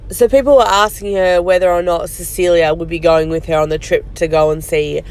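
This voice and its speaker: A woman's voice: lowish voice, fairly even intonation, brisk, a little mellow, clear, resonant tone, faint music behind. A woman hosting a podcast, giving snarky, mocking commentary on a streamer, with some swearing.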